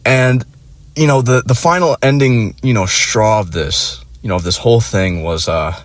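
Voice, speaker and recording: Loaded with fillers and profanity, this casual story comes from a young man who vlogs, and his telling is crude and rambling. He has a medium-pitched voice and a moderate pace, with no echo in the audio.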